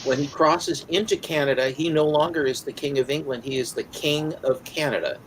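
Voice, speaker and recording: A man's voice: fairly high pitch, brisk, slight background noise, poor audio. Rambling American man chatting casually. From United States. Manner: rambling, hesitant with many fillers. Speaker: podcast co-host. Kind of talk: casual chat.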